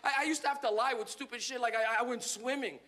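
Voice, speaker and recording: A man telling animated stand-up stories on stage. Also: extremely high pitch, quick pace. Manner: animated storytelling. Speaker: stand-up comedian. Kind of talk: stand-up comedy.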